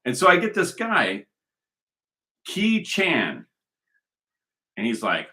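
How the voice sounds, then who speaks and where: Animated, forceful man ranting. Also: medium pitch, slow. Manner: emphatic, repetitive, argumentative. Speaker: commentator. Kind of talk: rambling monologue.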